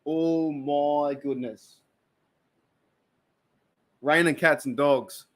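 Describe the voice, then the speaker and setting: An Australian man with a fairly high voice hosts a relaxed live stream like a podcast, reading out and reacting to viewer comments. His intonation stays mostly level and he stretches out his words, often repeating himself and letting out exclamations.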